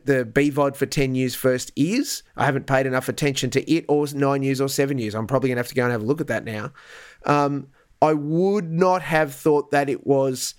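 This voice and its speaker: A man's voice: mid-range voice, smooth. A man co-hosting a podcast, giving wry, thoughtful commentary in casual chat. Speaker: podcast co-host.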